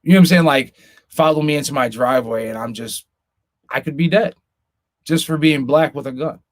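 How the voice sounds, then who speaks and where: A man's voice: medium pitch, brisk. A man co-hosting a casual podcast, talking earnestly and with concern, often stumbling and restarting his sentences. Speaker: podcast co-host.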